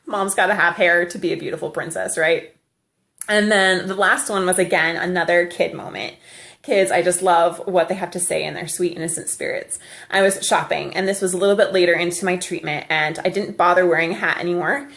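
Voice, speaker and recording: A woman's voice: fairly low pitch, fairly even intonation, fairly quick, vocal fry, a bit bright. Woman vlogger, casual storyteller, laughs easily, handheld camera. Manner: chatty, laughs often.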